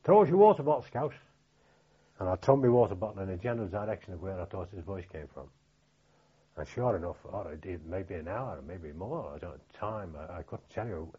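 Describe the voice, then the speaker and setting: Older Liverpool man, husky and low. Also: dark tone. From Liverpool, England. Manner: halting, many restarts and fillers, plain-spoken. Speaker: veteran interviewee. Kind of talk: oral history recollection. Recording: dull lo-fi recording.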